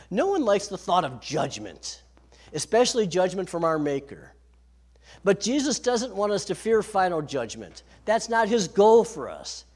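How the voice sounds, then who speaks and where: A man preaching a sermon, lively and slowing down on key phrases. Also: high-pitched. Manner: lively preaching, slows for emphasis. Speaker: pastor.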